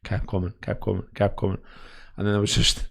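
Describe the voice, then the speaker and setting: A man co-hosting a casual podcast, telling stories with animated rants. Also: on the low side, brisk, gravelly. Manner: animated storytelling, acting out his own rants. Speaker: podcast co-host. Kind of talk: casual chat.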